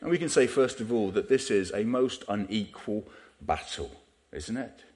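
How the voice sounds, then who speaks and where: A man's voice: fairly low pitch, expressive, measured pace, few pauses, darkish tone. A man preaching a sermon in a conversational way, often asking the listeners rhetorical questions.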